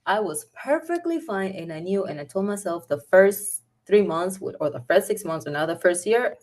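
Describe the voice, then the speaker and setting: A woman's voice: medium pitch, expressive, moderate pace, darkish tone. A woman guest on a podcast, talking casually and candidly, giving upbeat advice and laughing easily. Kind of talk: casual conversation.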